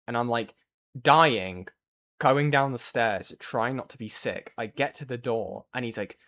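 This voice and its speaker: A man's voice: fairly low pitch, moderate pace, gravelly, a bit bright. A man streaming, chatting casually with viewers and rambling through a story with lots of fillers.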